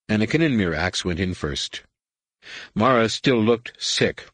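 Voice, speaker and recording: A man narrating an audiobook in a measured storytelling read. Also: lowish voice, expressive, fairly bright tone, dry recording. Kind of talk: scripted narration.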